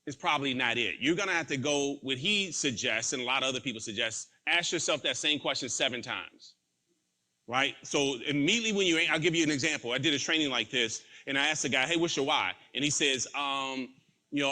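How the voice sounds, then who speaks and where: A man's voice: medium pitch, animated, fairly quick, sharp tone. A man giving a motivational sales training talk, telling a story and acting out the quoted dialogue in it.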